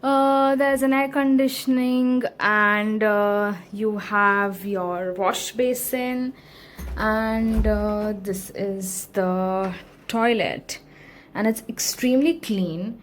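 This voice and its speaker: A woman vlogging her travels in a relaxed, casual way, with lots of fillers and pauses as she shows a hostel room and a beach. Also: medium pitch, slight background noise, low-quality recording. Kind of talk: casual travel vlog narration. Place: hostel room and outdoors on an island.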